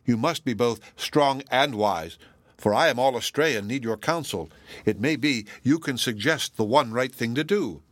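Audiobook: male narrator as an earnest, stern young man, mid pitch, grave, dry booth. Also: normal speed, fairly bright tone, no echo, lightly acted. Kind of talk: audiobook reading.

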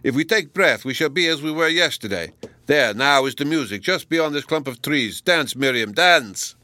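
A man voicing a joyous, playful young male faun who calls out loudly in a storybook reading. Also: a little high, lively intonation, normal speed, pitched above the performer's own voice. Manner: exuberant, calling out loudly.

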